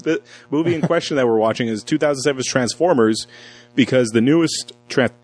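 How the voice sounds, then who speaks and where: A man hosts a laid-back movie podcast in a mid-range voice. He jokes around and swears easily. Soft music plays faintly behind him. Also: mid-range voice, fairly quick, rough recording. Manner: loose, joking, swears casually. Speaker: podcast host. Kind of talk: casual movie podcast chat.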